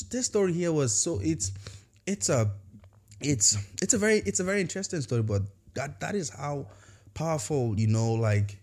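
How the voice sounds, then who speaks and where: A man's voice: mid-range voice, warm tone. A man hosting a podcast episode, giving a casual motivational talk and telling a story, talking conversationally with many fillers and restarts. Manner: acts out quoted voices in storytelling. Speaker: podcast host.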